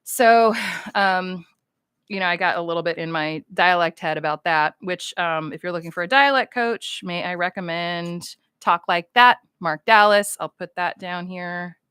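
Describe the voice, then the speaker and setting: A woman's voice: lowish voice, unhurried, fairly bright tone, clean tone, no room sound, clean studio sound. A woman from the United States, chatting casually on a livestream with fans, goofy and rambling as she reads chat comments aloud.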